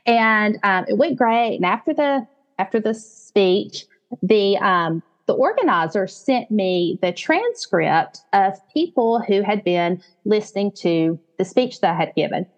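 On a podcast interview, a guest who founded a business, a woman from the American South in her late forties, shares her story warmly and with animation, voicing her own thoughts as quotes. She has a medium pitch and measured pace, and the audio sounds dull.

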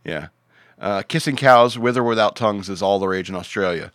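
A man's voice: on the low side, fairly quick, fairly bright tone, no echo, clean studio sound. A man hosting a podcast, reading out odd news stories in a rambling, joking way with many fillers. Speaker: podcast host.

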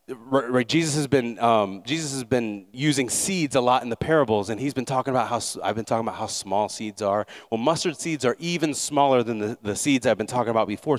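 A man pastor giving a conversational Sunday sermon in church, leading a prayer and asking the congregation to repeat after him. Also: mid-range voice.

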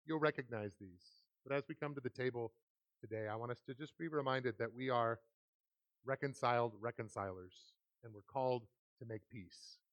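In a church sanctuary, a pastor preaches a sermon, telling self-deprecating stories about himself and reading scripture earnestly. His mid-range voice comes through with no echo.

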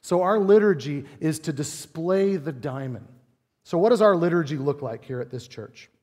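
Pastor in his forties, conversational sermon delivery with rhetorical asides, slightly raised pitch, reverberant sanctuary. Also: lively intonation, moderate pace, a little mellow. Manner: conversational preaching with rhetorical questions and playful asides. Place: church sanctuary.

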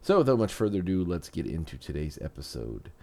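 A man's voice: low voice, sing-song, fast, darkish tone. A man hosting a podcast, chatting casually with rambling restarts, then narrating a story. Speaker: podcast host.

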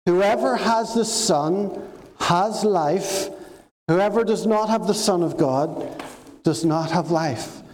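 A man, a preacher telling a story to children in a slow, dramatic storytelling sermon. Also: high-pitched, a little mellow. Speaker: preacher giving a children's talk. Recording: echoey hall, faint noise.

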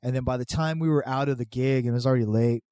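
A man's voice: medium pitch, fairly even intonation, fast talker, warm tone, clean tone, dry recording, clean studio sound. A man telling a prank story in casual chat, acting out both sides of the exchange. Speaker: podcast guest telling stories.

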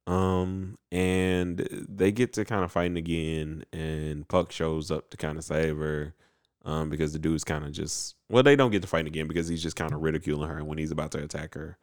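A man casually recapping an anime episode, animated and acting out the characters in quick voices. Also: very deep voice. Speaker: podcast co-host recapping an anime. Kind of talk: casual chat.

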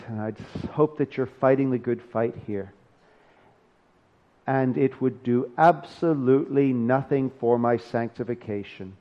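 Man, pastor, sermon, chatty and joking, mid pitch, muffled lo-fi sound. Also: measured pace, mellow. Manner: conversational and joking between scripture readings.

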